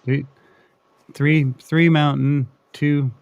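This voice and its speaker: A man hosting a casual online talk show, excitable and quick to slip into character voices. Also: fairly high pitch, vocal fry, dry recording. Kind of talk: casual chat with guests.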